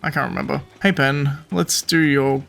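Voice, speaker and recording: A man giving casual let's play commentary, relaxed and muttering to himself. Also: mid-range voice, moderate pace, vocal fry, faint music behind. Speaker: gameplay streamer.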